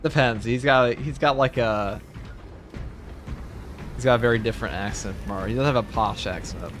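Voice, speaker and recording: A man's voice: medium pitch, moderate pace, music in the background. A man streaming a game, chatting casually and rambling with jokes and fillers. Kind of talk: casual live-stream chat over gameplay.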